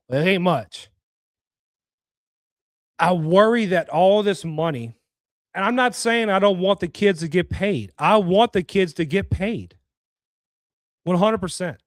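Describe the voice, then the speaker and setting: A man's voice: high-pitched, no room sound, studio quality. A young man from hosting a sports talk show, talking casually in a blunt, opinionated, scolding way. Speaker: podcast host.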